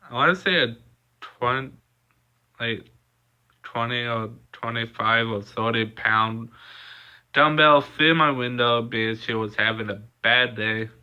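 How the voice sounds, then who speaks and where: A young man vlogging a personal story in a casual, halting way, with lots of pauses and fillers. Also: medium pitch, pushed and bright, smooth. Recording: dull lo-fi recording.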